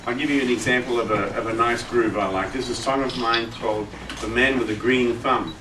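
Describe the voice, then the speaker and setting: A man's voice: medium pitch, fairly even intonation, fairly quick. A man who is a guitarist, giving a workshop in casual teaching talk, chatty, sounding out rhythms with his voice. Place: music shop event room. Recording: roomy room, distant mic, guitar playing.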